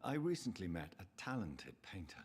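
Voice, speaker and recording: A man's voice: deep voice, sing-song, normal speed, background noise. An actor voicing a somber, guilt-ridden undead son speaking earnestly and tenderly to his mother in a game. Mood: sorrowful. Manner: earnest and restrained. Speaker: game protagonist. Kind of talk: video game voice acting.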